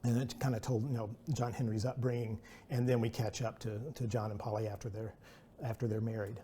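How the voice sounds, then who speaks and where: Mellow-voiced man giving a rambling talk. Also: lowish voice, level tone, brisk, slight background noise. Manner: rambling, chatty, self-deprecating with many restarts. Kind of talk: presentation talk with anecdotes.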